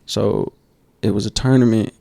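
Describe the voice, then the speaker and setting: A man co-hosting a basketball podcast, telling coaching stories in a casual, animated way and acting out quotes. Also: lowish voice, moderate pace, gravelly, no echo. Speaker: podcast co-host. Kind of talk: casual storytelling chat.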